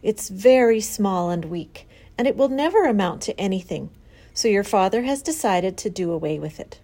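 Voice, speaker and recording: A woman's voice: medium pitch, lively intonation, moderate pace, dark tone. A woman reading the part of a practical, matter-of-fact farm mother in a storybook. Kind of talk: storybook read-aloud.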